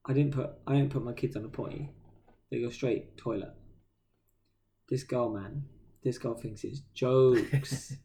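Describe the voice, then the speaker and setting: A man with a British accent co-hosting a podcast, telling stories in a casual, slangy, animated way. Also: mid-range voice, measured pace, pauses often. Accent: British English. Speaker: podcast co-host. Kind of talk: casual chat.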